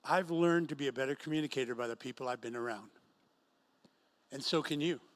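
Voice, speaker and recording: A man's voice: mid-range voice, fairly quick. A middle-aged man preaching a sermon to a singles group in an event room, telling stories and acting out quotes. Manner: storytelling with acted quotes. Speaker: pastor.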